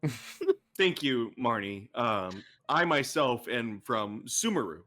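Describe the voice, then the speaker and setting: A woman voicing a polite young male traveler who speaks slowly and hesitantly. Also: rumbling low, expressive, a bit bright, heavily acted. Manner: slow, hesitant, full of ums. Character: polite, soft-spoken young man traveler.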